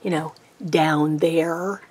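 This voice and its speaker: A rambling, chatty woman talks while she paints, with a Norfolk, Virginia accent. Her voice sits fairly low for a woman, and she sounds a little tired as she pokes fun at herself. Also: fairly even intonation, extremely slow, a little mellow, breathy edge. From Texas. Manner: rambling, chatty, self-deprecating. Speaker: art vlogger. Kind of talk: casual chat while painting.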